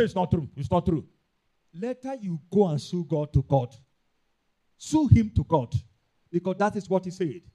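A man with a Nigerian accent preaching a sermon, emphatic and repetitive, rising into loud bursts. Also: high-pitched. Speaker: pastor.

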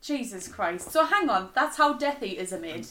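A woman's voice: mid-range voice, big pitch swings, moderate pace, a loud crowd. A woman co-hosting a comedy podcast, reacting with incredulous exclamations and laughter. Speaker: podcast co-host. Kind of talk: casual comedic banter.

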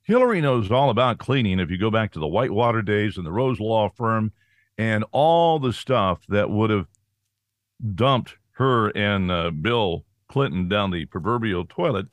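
A man with a lowish voice co-hosts a political talk show and drifts into digressions. His delivery is animated, and he is recorded dry and close. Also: moderate pace, no room sound. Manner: conversational, digressive. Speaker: co-host.

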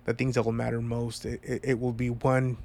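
A man with a stuffed-up, congested voice speaks to his viewers in a personal vlog. He talks at a middling pitch in an earnest, heartfelt way, rambling as he reflects. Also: completely flat delivery, fairly quick, gravelly, a little mellow. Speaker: vlogger.

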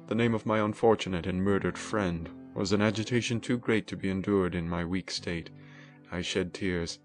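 A low-voiced man gives a dramatic, emotive first-person reading of a classic novel. Faint music sits under his narration. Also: normal speed. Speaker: audiobook narrator.

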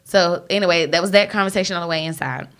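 A woman with a bright, forceful voice retells reality TV gossip in loose, slangy casual chat. She swears freely and acts out little snatches of the people she describes. Her tone is lively and conversational, not scripted. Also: lowish voice, fast talker, clear, resonant tone. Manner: animated storytelling with swearing and slang. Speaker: podcast co-host recapping reality TV.

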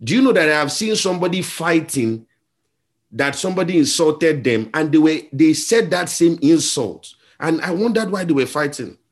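A man with a Nigerian accent preaching a sermon as a pastor. He tells stories and acts out the voices in them, moving between quiet and loud. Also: a little high, expressive, normal speed. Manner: storytelling, acts out voices in a story, shifts between soft and loud.

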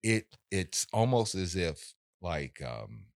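A man in casual conversation, telling a story in an animated way and acting out the voices of people in it. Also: deep voice, slow pace, creaky, no room sound, clean studio sound.

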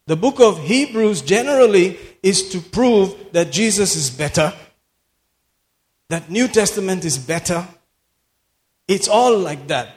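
High-voiced preacher man in a reverberant hall. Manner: emphatic, repeats phrases for effect, laughs often. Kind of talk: sermon. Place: church hall.

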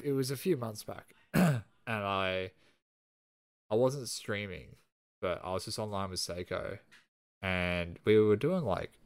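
A man's voice: deep voice, a bit bright, no echo. A man co-hosting a podcast, chatting casually and swearing as he tells a story. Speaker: podcast co-host.

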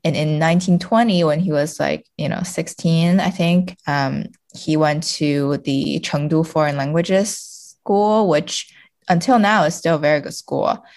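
A woman's voice: deep voice, a little slow, a little mellow. A woman from China, a guest on a podcast, talking casually with lots of fillers and restarts. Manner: chatty, many fillers and restarts, laughs often.

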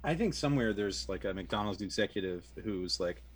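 Husky low-voiced man. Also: expressive, a little fast. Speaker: podcast co-host. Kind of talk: casual political chat.

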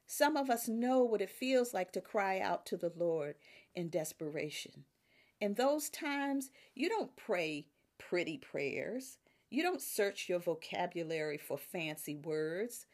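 An older woman preaching a sermon, emphatic, with rises on key words and soft drops at the ends of phrases. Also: on the low side, animated, slow.

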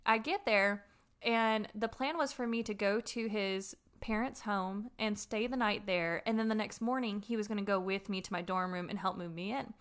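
A woman telling a personal story in a casual podcast chat, animated and swearing freely. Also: medium pitch, normal speed, smooth.

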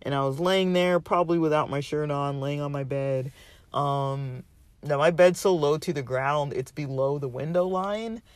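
Man, casual rambling monologue, lots of "like" and "um", slightly high voice, dry sound. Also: normal speed, dry recording. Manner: rambling, full of "like" and "um", exasperated. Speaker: vlogger ranting about a roommate.

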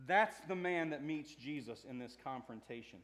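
A man preaching a sermon in a conversational way, swinging from hushed to loud. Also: medium pitch, expressive, normal speed. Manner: conversational with fillers and restarts. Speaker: pastor.

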